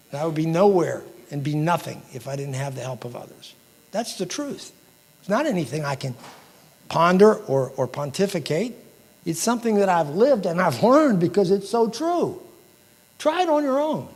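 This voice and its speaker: In a large banquet hall, a keynote speaker delivers an emotional, inspirational speech, quoting famous sayings. His voice is high with a darkish tone, and the hall's reverberation carries through the recording.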